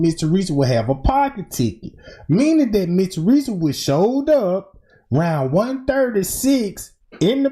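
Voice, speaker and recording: A livestream commentator walks through a true-crime theory in an informal way, often saying "boom" and "right?". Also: warm tone.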